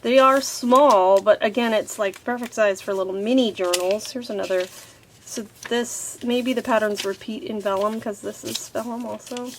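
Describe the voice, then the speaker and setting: A woman's voice: medium pitch, steady tone, moderate pace, slight background noise. A woman talking casually as she unboxes craft papers and stickers, thinking aloud and delighted by each piece. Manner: chatty, easily delighted, thinks aloud with many fillers. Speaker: craft vlogger unboxing a subscription box.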